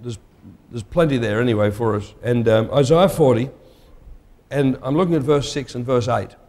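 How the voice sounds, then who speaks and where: A man delivers a sermon in a conversational yet emphatic style, posing questions to his listeners. He has a mid-range voice with a darkish tone and a moderate pace. A long hall reverb surrounds the recording.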